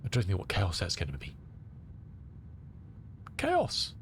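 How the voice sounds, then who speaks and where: A man's voice: deep voice, quick pace, a little hiss or hum. A middle-aged man from England with a cold, chatting casually with his live-stream viewers and rambling as he answers their comments. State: has a cold. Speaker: flight sim streamer.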